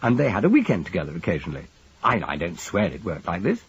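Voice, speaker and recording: A man voicing a wry, urbane gentleman detective who reasons things out in a dry, clipped way. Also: deep voice, huge pitch swings, fast talker, slightly rough, dull audio, heavily acted.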